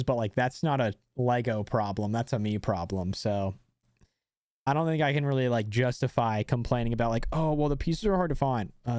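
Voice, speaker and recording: A man's voice: medium pitch, darkish tone, no echo, clean studio sound. A young man streaming live, chatting casually and rambling with many fillers and restarts.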